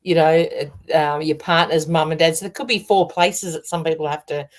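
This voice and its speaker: An Australian woman co-hosting a relaxed online chat. Her voice sits fairly low for a woman, and she laughs often as she chats and reads out viewer comments. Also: brisk. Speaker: co-host. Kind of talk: casual chat.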